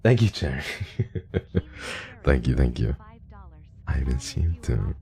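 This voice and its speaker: A man streaming, chatting casually and reading donations with a halting, stammering, heartfelt manner. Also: extremely low pitch, very animated, vocal fry, warm tone.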